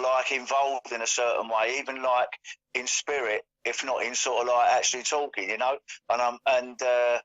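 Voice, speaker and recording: A man's voice: mid-range voice, bright, forceful tone. Guy rambling along w lots of "like, you know", muffled lo-fi audio. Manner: rambling, full of fillers. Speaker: co-host. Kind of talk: casual chat. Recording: dull lo-fi audio.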